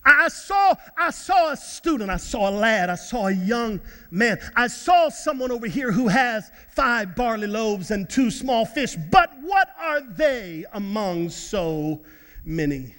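A man's voice: very high-pitched, sing-song, unhurried, bright, forceful tone, full character voice. A man acting out a dismissive, sarcastic male disciple, in a reverberant hall.

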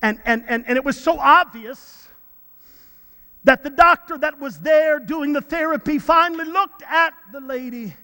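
A male pastor preaching in a church, his voice set very high for a man and bright and forceful. He speaks earnestly, often stumbling over repeated words, and a long reverb from the sanctuary hangs behind him. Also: unhurried. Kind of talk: sermon storytelling.

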